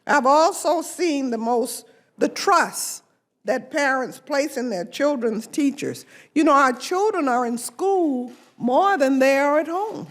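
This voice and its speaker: An older woman, a congresswoman, giving an emphatic, deliberate press conference speech. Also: high voice, lively intonation.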